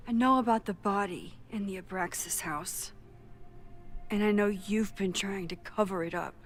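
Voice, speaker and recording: A young woman voicing a thoughtful young woman who muses quietly to herself in a video game inner monologue. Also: medium pitch, normal speed, big-room sound, close to an everyday voice. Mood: musing. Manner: hushed, reflective.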